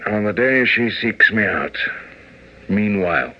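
A brusque moody painter. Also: male voice, on the low side, expressive, unhurried. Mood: impulsive. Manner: brusque, commanding, impulsive. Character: proud, moody young male painter. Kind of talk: 1940s radio acting. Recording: dull old radio recording.

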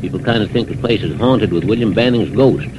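An actor playing a folksy, wary rural gas station attendant in an old radio drama. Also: male voice, fairly low pitch, a little fast, highs cut off, over music, lightly acted. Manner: drawling, wary. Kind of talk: 1940s radio acting. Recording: old radio recording with background noise.

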